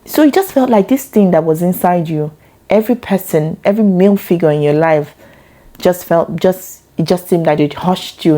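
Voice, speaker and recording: A woman, telling her own story in a reflective, expressive way that leaps up in pitch when she gets excited. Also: moderate pace. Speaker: mother sharing her story. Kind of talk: reflective personal talk.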